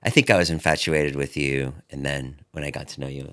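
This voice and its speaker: A man co-hosting a casual podcast chat, chiming in with quick affirmations and teasing asides. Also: a bass voice, steady tone, fairly bright tone. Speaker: podcast co-host.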